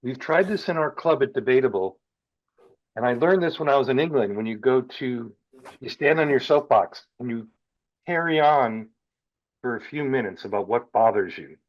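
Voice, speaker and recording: A man's voice: mid-range voice, moderate pace, muffled recording. A man who co-chairs a speakers' club, announcing an event in a playful manner. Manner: playful, building to animated bursts. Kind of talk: casual announcement.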